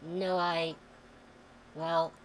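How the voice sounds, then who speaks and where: A woman streamer reading a game's dialogue aloud, expressive and sometimes heated. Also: fairly low pitch, very slow, slight background noise, rough recording. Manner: expressive, swings into heated outbursts when reading.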